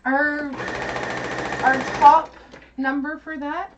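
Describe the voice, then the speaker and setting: A woman guest explaining corset making in a giggly, animated way on a casual stream. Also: high voice, drawn-out words. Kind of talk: casual demonstration chat. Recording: far from mic with loud machine and room noise.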